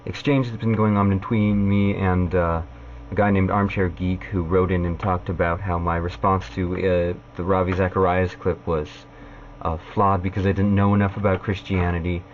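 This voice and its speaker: A man vlogging a point-by-point rebuttal, halting and full of "uh" fillers. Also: low voice, level tone, highs cut off, a little hiss or hum. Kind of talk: casual vlog rebuttal.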